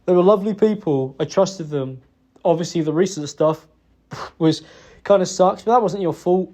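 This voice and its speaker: Guy apologising to his partner, soft mellow voice, stumbling and remorseful, swears a lot. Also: high-pitched, moderate pace. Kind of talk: private apology talk.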